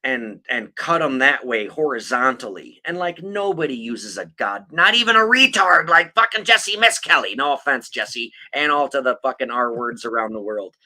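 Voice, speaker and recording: A man's voice: mid-range voice, animated, normal speed, few pauses, sharp tone. A man hosting a podcast, chatting casually about true crime in a blunt, profane, mocking way, rambling with lots of fillers. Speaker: podcast host.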